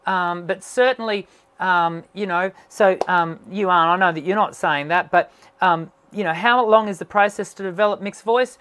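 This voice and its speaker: A man's voice: high voice, moderate pace, fairly bright tone, smooth. Man with a strained, recovering voice. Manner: explanatory, full of fillers and restarts. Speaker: voice teacher. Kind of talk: live online Q&A.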